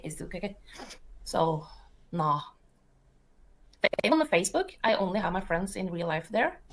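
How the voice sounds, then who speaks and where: A middle-aged woman with a Norwegian accent, talking in a casual, rambling way. She turns defensive easily, and her voice sits fairly low for a woman. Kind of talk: casual talk.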